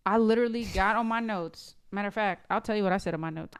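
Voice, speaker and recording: Blunt, sassy woman with a smooth voice. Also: mid-range voice, fast, hardly any pauses, no room sound, studio quality. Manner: blunt, sassy storyteller who curses freely. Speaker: podcast co-host. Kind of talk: casual podcast chat.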